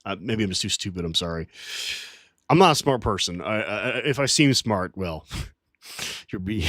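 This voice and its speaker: A man's voice: on the low side, expressive, moderate pace, long pauses, a bit bright, no room sound, clean studio sound. A man on a live stream working through chat comments in a profane, rambling, heated rant. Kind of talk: casual livestream rant.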